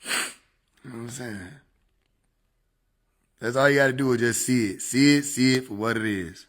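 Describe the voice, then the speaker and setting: A man's voice: medium pitch, moderate pace, a bit bright. A man casually chatting on a livestream into a desk microphone, joking, swearing and laughing often. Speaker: streamer.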